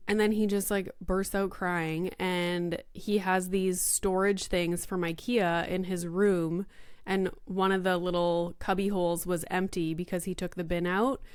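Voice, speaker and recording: A young woman hosting a podcast, telling a story in casual chat full of "like" and "you know", quoting herself in lively voices. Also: lowish voice, a little slow, clean tone, no echo, clean studio sound. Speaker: podcast host.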